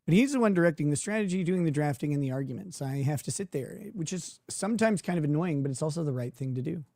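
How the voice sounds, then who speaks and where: A man's voice: a little high, expressive, fast, warm tone, dry recording. A man hosting a livestream, talking casually and sarcastically and laughing often. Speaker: livestream host.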